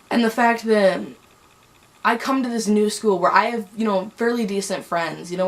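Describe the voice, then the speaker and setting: A young woman telling a personal story on a vlog, angry and heated, rambling with many restarts. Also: mid-range voice. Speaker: vlogger.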